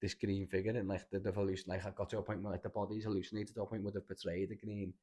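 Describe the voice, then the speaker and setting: A man's voice: deep voice, little pitch movement, fast talker, warm tone. A young man with a Scouse accent, telling rambling, sweary stories with lots of restarts in a casual podcast chat. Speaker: podcast host.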